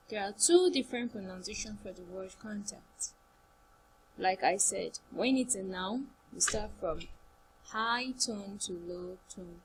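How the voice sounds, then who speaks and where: A woman teaches an online lesson at an unhurried, deliberate pace. She repeats and stresses each word for her pupils. A faint hum sits under her voice. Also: medium pitch, low-quality recording.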